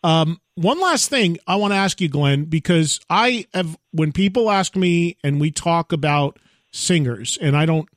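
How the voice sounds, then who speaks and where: A man's voice: fairly high pitch, expressive, unhurried, no echo, studio quality. A man hosting a radio show who asks questions and emphatically piles on praise for his guest. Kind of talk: interview questions and chat.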